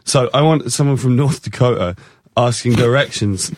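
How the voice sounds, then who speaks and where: A man's voice: medium pitch, normal speed, darkish tone, no room sound, studio quality. A man with an English accent, chatting casually and telling stories in a rambling, sheepish way. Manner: rambling, sheepish storytelling with frequent restarts. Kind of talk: casual chat.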